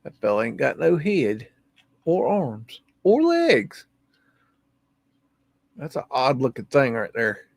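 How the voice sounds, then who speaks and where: A man's voice: medium pitch, huge pitch swings, slow, creaky, long pauses, dry recording. A man hosting a live stream, musing in a folksy, casual way as he comments on old photos. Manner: folksy, drawling, musing aloud.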